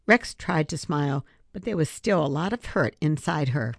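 Low-voiced woman reading a children's book. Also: expressive, moderate pace, creaky, hardly any pauses, no room sound, studio quality. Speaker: storybook reader.

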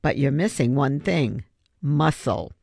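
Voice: mid-range voice, animated, takes it slowly, gravelly, a little mellow, no room sound, studio quality, heavily acted. An audiobook reader voicing a cheerful, mocking schoolboy bully with a big mouth. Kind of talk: audiobook character voice.

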